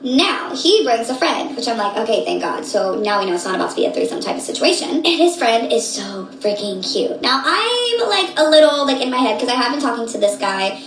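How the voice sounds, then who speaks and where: A woman in her late twenties telling a story casually, animated and slangy, acting out what people said. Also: fairly high pitch, a little fast, hardly any pauses, roomy sound, low-quality recording. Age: late 20s. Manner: animated, slangy, acts out quotes.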